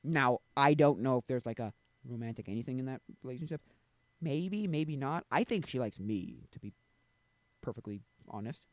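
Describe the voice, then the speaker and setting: A man's voice: mid-range voice, lively intonation, normal speed, no room sound. A young man streaming, chatting casually and rambling, often losing his train of thought. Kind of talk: casual chat.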